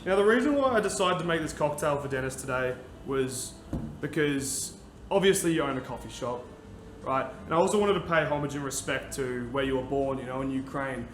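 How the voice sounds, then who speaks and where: A man's voice: medium pitch, fairly quick, fairly bright tone. A young man hosting a casual talk show, chatty and upbeat as he talks viewers through making a cocktail. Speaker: podcast host and bartender. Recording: echoey room with background noise.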